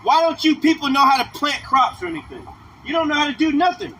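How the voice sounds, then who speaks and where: A man's voice: very high voice, fast talker, bright, forceful tone, distant mic, slight background noise, rough recording. A man preaching a livestreamed street sermon, slangy and confrontational, repeating "man" often.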